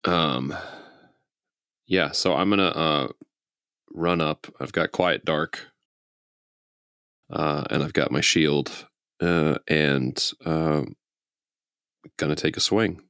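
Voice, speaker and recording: A man with a very deep, gravelly voice talks through his turn in a tabletop game. He is relaxed and fills his pauses with ums while he thinks aloud. The recording is dry and close. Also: no echo. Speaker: player. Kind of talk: casual tabletop game chat.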